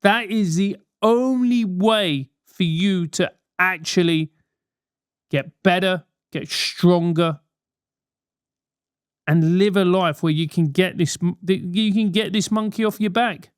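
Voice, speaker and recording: A London-accented man in his thirties hosts a podcast, answering listener letters with blunt, sweary, mock-outraged banter in a comedic advice monologue. His voice is high-pitched, slow, clear and resonant, with clean studio sound and no echo.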